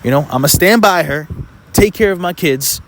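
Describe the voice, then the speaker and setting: A man's voice: sits high, animated, normal speed, noisy background. A young man, talking casually to camera in a blunt, swearing monologue full of "you know" fillers. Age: 20s. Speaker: vlogger.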